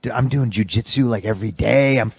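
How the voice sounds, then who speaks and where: A man's voice: mid-range voice, a little fast, vocal fry, breathy edge, no echo. A man in an interview telling his story bluntly, swearing often and restarting his sentences. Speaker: interview guest. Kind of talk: candid conversational storytelling.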